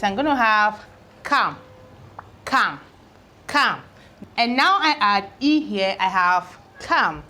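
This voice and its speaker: Woman teacher, spelling lesson, slow unhurried delivery, repeats words, tags "okay?". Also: mid-range voice, a bit bright. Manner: repeats each word several times, ends points with "okay?". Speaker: English teacher.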